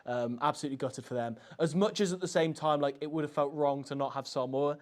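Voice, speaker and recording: A man's voice: fairly high pitch, fast. A man co-hosting a live reaction stream, chatting casually and agreeably as he reads out questions from the chat. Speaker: co-host of a rugby channel.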